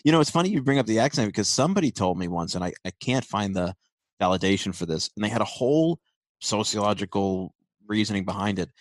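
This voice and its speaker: Low-voiced man with a Brooklyn accent. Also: lively intonation, quick pace, no room sound. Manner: chatty, laughs easily. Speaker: host. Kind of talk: casual radio talk.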